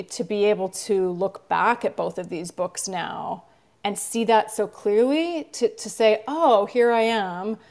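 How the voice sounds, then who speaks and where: A woman author with a medium-pitched, somewhat dark voice is being interviewed. She talks casually and reflectively, chatting along with plenty of filler words.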